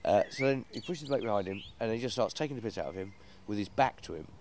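A man telling an animated anecdote, acting out quotes and laughing as he goes. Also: lowish voice, fast, slight background noise. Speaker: performer. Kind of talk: anecdote in casual chat.

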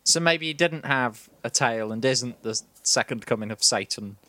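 A man's voice: medium pitch, moderate pace, pushed and bright. A man co-hosting a comedy podcast, teasing and incredulous in his banter. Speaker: co-host.

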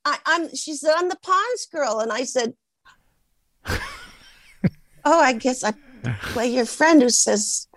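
An older woman from Portland, a guest in an interview, telling a lively story and acting out the lines of the people in it. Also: high-pitched, slow pace, pauses often, no room sound. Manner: lively anecdotes with acted-out quotes.

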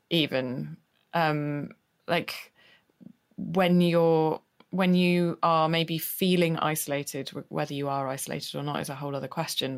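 A woman's voice: deep voice, vocal fry. A woman hosting a podcast, asking long, thoughtful questions with a hesitant manner and frequent "um"s. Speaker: podcast host. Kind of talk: interviewing a guest.

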